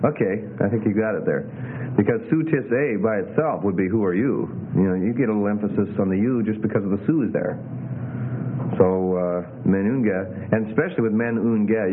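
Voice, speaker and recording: Low-voiced man lecturing, tinny sound. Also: fairly quick. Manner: relaxed, hesitant, many fillers. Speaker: Greek teacher. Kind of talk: classroom lecture. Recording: tinny lo-fi with faint hiss.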